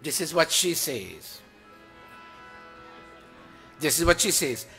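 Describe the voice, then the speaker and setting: An older man leads a devotional gathering in a high, bright voice. He coaxes his students, praises their reading, and chants Sanskrit verses slowly. Faint music plays behind him. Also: big pitch swings, creaky. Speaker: teacher leading a satsang. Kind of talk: sermon with recitation.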